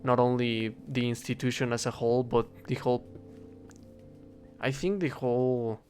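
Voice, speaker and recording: Young man, mid-pitched, rambling chat over a game with faint music under it, stops and restarts a lot. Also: level tone, moderate pace, a little mellow. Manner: rambling, hesitant, self-correcting, swears casually. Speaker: English teacher. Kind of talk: casual rambling talk while gaming.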